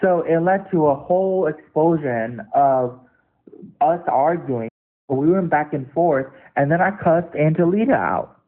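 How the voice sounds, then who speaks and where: A young man telling the story of an online dispute in an angry, profane, rapid rant. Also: on the high side, animated. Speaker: online debater. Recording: tinny phone-like audio.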